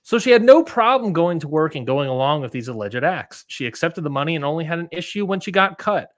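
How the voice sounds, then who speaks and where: A man's voice: fairly high pitch, big pitch swings, quick pace, no echo, studio quality. A man co-hosting a wrestling podcast in casual chat, rambling with lots of fillers and restarts. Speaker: podcast co-host.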